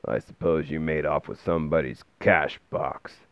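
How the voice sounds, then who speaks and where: A man voicing a gruff, grumbling old male bookseller who speaks slowly and with disapproval, recorded with a dull, dry sound. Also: very deep voice, steady tone, no echo, pitched below the performer's own voice.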